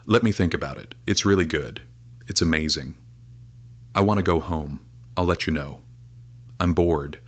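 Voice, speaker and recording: Deep-voiced man leading English drills. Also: a bit bright, dry recording. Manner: slow, clear drill delivery with many repetitions. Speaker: English teacher. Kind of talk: scripted lesson narration.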